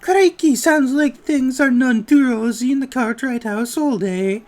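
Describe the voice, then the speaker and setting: A game player voicing a cheeky, excitable male fairy sidekick who talks in slang, reading game dialogue aloud. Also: high voice, unhurried.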